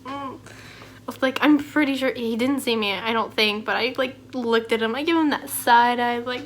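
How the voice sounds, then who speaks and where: A young woman recounts an awkward class moment in a loose, chatty way, peppering her talk with fillers and sighs. Her voice sits a little high. A faint ambient hum stays under the recording. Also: normal speed. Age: young adult. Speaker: vlogger. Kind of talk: casual storytelling rant.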